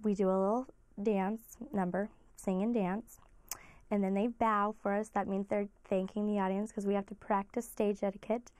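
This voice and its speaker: In a steady, mid-pitched voice that barely rises or falls, a woman music teacher explains her classes. She talks in an earnest, explaining way, as in an interview. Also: normal speed, dry recording.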